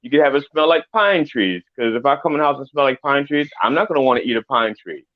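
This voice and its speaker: A man co-hosting a casual talk show, telling a story with halting, stammering starts. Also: mid-range voice, lively intonation, muffled recording. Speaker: podcast co-host.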